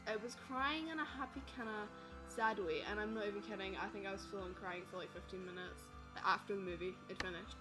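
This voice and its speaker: Woman vlogger, casual talk-to-webcam review, rambling and chatty, music underneath. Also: medium pitch. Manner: rambling, chatty, self-deprecating. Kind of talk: casual movie review vlog.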